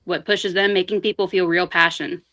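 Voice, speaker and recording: A woman guest on a chat show, telling family stories in a casual, animated way and laughing often. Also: on the low side, moderate pace. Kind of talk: casual storytelling.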